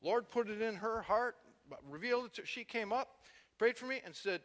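High, bright-voiced man preaching in a hall. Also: fairly quick. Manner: storytelling testimony, swings from quiet to loud and impassioned. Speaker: pastor. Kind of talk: sermon.

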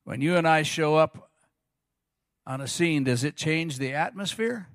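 A middle-aged male pastor preaching a sermon, telling stories with animated quoted voices. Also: fairly high pitch, measured pace, dry recording, clean studio sound. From Arizona.

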